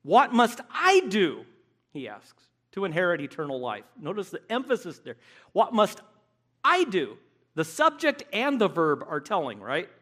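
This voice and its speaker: A man preaching a sermon, emphatic and animated, acting out the voices he quotes. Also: high-pitched, moderate pace.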